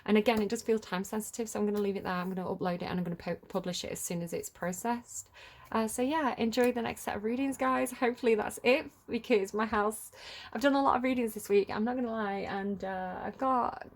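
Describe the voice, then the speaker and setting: A woman's voice: on the high side, fairly even intonation, fast talker. A woman giving a casual collective tarot reading, chatty and rambling with many fillers. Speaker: tarot reader.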